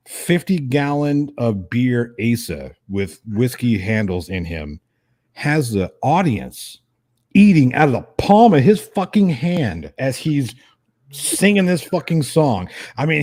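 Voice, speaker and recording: A man's voice: fairly high pitch, no echo, clean studio sound. A man hosting a casual stream, telling a rowdy story with lots of swearing and laughter. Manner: animated, profane, laughing storyteller. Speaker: host.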